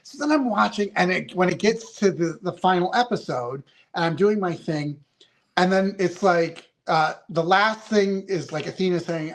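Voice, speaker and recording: Male guest, fifties, high voice, chatty and heartfelt, rambling with fillers. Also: normal speed. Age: 50s. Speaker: reality show contestant guest. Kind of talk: casual podcast interview.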